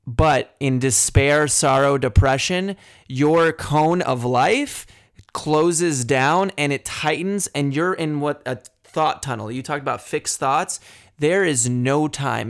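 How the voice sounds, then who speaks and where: A man's voice: a little high, takes it slowly, vocal fry, clear, resonant tone. A man talking as a guest on a podcast, earnest and frank, thinking aloud with fillers and casual swearing.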